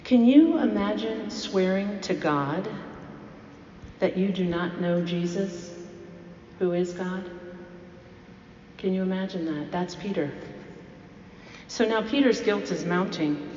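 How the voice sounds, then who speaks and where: A woman's voice: medium pitch, slow, long pauses, darkish tone, slight background noise. A woman preaching a sermon, telling a story and asking the congregation rhetorical questions. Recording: echoey hall, dull lo-fi sound.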